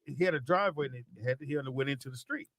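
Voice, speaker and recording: A man on a podcast, telling a childhood story in casual chat and acting out loud quotes. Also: mid-range voice, racing, a little hiss or hum. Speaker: podcast co-host.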